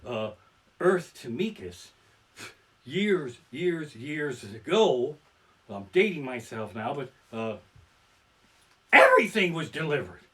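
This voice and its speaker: A man's voice: on the high side, big pitch swings, slow pace, pauses often, a bit bright. A man doing a profane, crude stand-up set, live-streamed from his living room. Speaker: stand-up comedian. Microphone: barebones home streaming mic.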